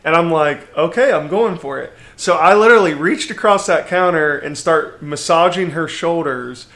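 A man in his thirties talking as a podcast guest, his voice bright and fairly high. He tells his story candidly and with energy, often restarting his sentences. The delivery is a relaxed, casual conversation. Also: normal speed. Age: 30s.

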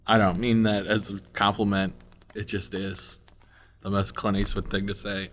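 A man co-hosting a casual comedy podcast, playful and quick to join in on the bits. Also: on the low side, flat delivery, pushed and bright, a little hiss or hum. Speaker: podcast co-host. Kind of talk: casual improv comedy chat.

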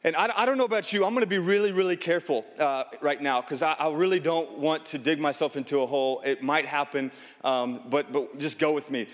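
A man's voice: fairly high pitch, a little fast, hardly any pauses. A man in his thirties preaching a sermon, telling stories in a conversational way with self-deprecating humor. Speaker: pastor. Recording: long reverb of a large hall.

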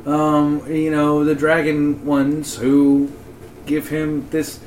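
A man's voice: a little high, monotone, slow pace, darkish tone, echoey room, a little hiss or hum, poor audio. A man co-hosting a podcast in casual, profane chat, rambling with fillers and sometimes breaking into mock rants. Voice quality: profane, mock-ranting bursts. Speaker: podcast co-host.

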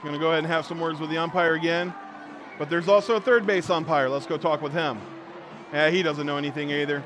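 A man preaching a sermon, telling self-mocking stories with lively jumps between loud and quiet. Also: a little high, fast talker, crowd noise, background noise. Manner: joking, self-mocking storytelling; animated, swings from loud to quiet. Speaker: pastor.

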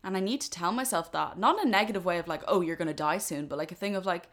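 A woman's voice: medium pitch, animated, racing, a bit bright. A woman of twenty, talking through a casual solo podcast episode in an earnest, chatty way full of "like". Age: 20s. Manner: chatty, earnest, many "like" fillers. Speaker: podcast host.

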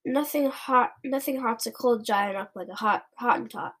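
Reading a storybook aloud, a woman plays a large, good-hearted male giant who jumbles his words. She keeps him gentle and sincere, speaking on the high side at an ordinary speed.

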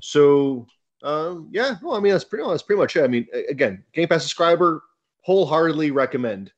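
A man speaking casually as a guest on a gaming podcast, measured with fillers and hesitations. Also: a little high, big pitch swings, muffled recording. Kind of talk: casual chat.

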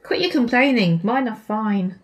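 Woman voicing a touchy kitchen maid, a bit high, blunt and defensive. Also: normal speed, natural voice. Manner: coarse, snappish.

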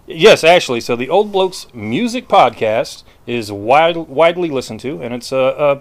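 A man's voice: mid-range voice, lively intonation. A man from the United States, a podcast correspondent, playfully questioning strangers outdoors on a street. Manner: playful, mock-grand, quick to laugh. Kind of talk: casual street interviews.

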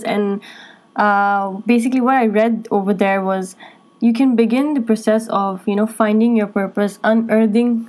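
A woman co-hosting a podcast in casual chat, talking in a relaxed, chatty way. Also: mid-range voice. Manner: chatty, laughs often. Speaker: podcast co-host.

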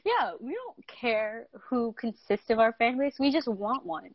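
A woman's voice: on the high side, sing-song, a little slow, no room sound. Young woman, candid podcast co-host, dry lo-fi. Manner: laughs often, candid and self-mocking. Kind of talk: casual chat. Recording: dry, dull lo-fi sound.

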